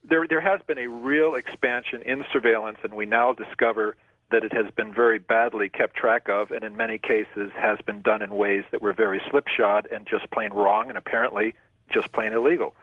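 Low-voiced male expert on a phone line. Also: fairly even intonation, no room sound. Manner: measured, explanatory, repeats words on starting. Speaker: guest expert. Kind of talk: expert explanation on radio.

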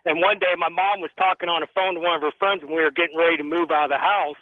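A Tennessee caller rings in to a late-night radio show and tells his story earnestly and steadily, pausing on ums. His voice is high for a man. The audio is dry, coming over a thin phone line with no room sound.

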